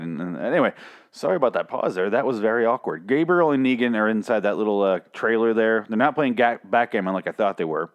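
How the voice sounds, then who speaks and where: A man with a lowish voice recaps a TV episode on his own, talking loose and unscripted. He swears freely, drifts off on tangents and pokes fun at himself as he goes. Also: lively intonation, fast talker. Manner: rambling, profane, self-mocking. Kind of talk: casual solo recap.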